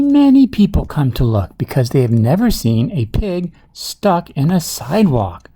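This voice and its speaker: Slow, breathy man reading a bedtime story. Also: medium pitch, sing-song, warm tone. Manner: playful asides to a child listener. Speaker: storybook reader. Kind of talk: bedtime read-aloud.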